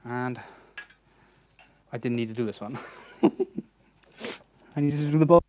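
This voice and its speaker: A man's voice: medium pitch, a little slow, darkish tone. A man giving casual commentary while he works on a car in a garage, muttering to himself with a wry, sarcastic tone. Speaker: home mechanic vlogger.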